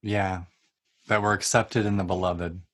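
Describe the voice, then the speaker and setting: Gentle low-voiced man host, prayerful. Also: flat delivery, a little slow. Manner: gentle, quotes scripture, affirming. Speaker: podcast host. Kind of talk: prayerful interview talk.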